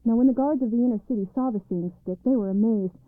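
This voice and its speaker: A woman narrating a storybook in a calm, measured read-aloud way, on a tinny recording. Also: fairly high pitch, no echo, faint music behind. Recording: dry, tinny phone-like sound.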